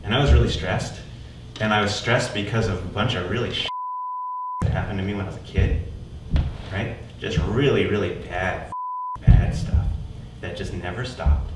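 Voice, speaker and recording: A man's voice: deep voice, normal speed. Man telling a story on stage, very echoey. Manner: conversational, keeps checking in with "right?". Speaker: one-man show performer. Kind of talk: theatrical storytelling monologue. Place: live stage in a theater. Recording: echoey room, mic far off, noisy.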